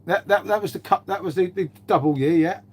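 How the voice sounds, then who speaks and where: A man's voice: sits high, brisk, a little hiss or hum. Sweary bantering man. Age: 50s. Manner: sweary, bantering, reads and answers chat. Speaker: livestreamer chatting with viewers. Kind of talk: casual live-stream chat.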